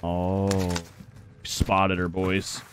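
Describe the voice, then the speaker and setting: A young man streaming a shooter game, talking to himself in profane, excitable commentary. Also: low voice, extremely slow, noisy background. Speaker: gaming streamer. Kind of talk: live gameplay commentary. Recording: game sound mixed under voice.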